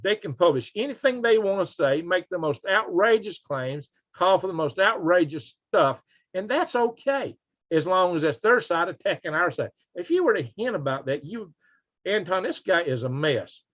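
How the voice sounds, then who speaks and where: A man hosting a casual news commentary livestream, reading and answering chat, animated and repeating himself. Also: sits high, normal speed. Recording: slightly dull lo-fi audio.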